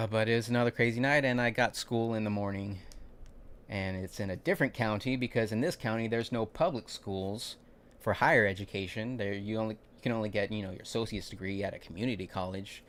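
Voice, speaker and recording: A man's voice: fairly low pitch, a little fast, slight background noise. A young man telling a long, rambling story from his work shift in a casual livestream, acting out what people said and often restarting his sentences. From California. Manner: rambling, animated retelling with acted-out quotes and frequent restarts. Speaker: vlogger recounting a work shift.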